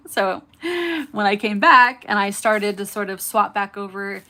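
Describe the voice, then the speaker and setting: A woman's voice: medium pitch, bright, forceful tone. A woman in her thirties with a California accent and a faint Southern lilt, chatting and smiling as she hosts a nail-art livestream and talks to viewers. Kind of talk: casual chat while doing nails.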